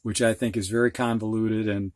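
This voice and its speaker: A man's voice: on the low side, flat delivery, brisk, darkish tone, dry recording, clean studio sound. A middle-aged man teaching a reading lesson, patiently spelling out letters and walking through each step. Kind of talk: instructional video lesson.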